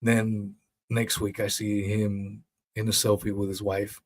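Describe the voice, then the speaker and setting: Speaking alone on his own podcast, this host rambles bluntly and profanely through a casual monologue, mocking people in put-on voices. His pitch is fairly low and barely moves, his pace is measured, and his voice is slightly rough.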